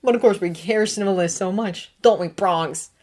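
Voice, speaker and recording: A woman's voice: mid-range voice, normal speed, darkish tone, natural voice. A woman voicing a swaggering teenage wizard who jeers and scorns another boy, in a read-aloud fan story. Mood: scornful. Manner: jeering, scornful.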